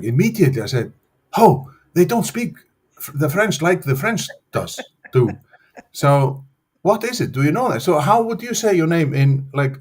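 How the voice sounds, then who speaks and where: Male host, unhurried, hesitant, joking manner. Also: medium pitch, husky. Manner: slow, hesitant, playful. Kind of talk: casual interview chat.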